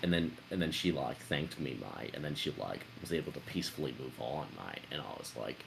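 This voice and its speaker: A man with a very deep, gravelly voice tells his tabletop character's backstory in a put-on Australian accent, animated and a little fast with hardly any pauses. He rambles, stuffing in fillers and "mate," over background noise.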